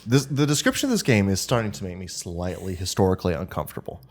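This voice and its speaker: Very low-voiced, wisecracking woman. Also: animated, fast talker. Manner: dry, wisecracking interjections. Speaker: podcast co-host. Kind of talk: casual chat.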